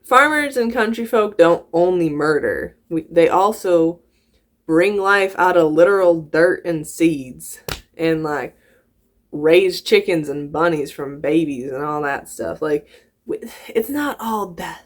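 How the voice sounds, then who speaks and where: A woman's voice: sits low, slow. A woman with a slight Southern US drawl, hosting a casual reaction video in a rambling, giggly, self-mocking way. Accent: slips into a Southern US drawl.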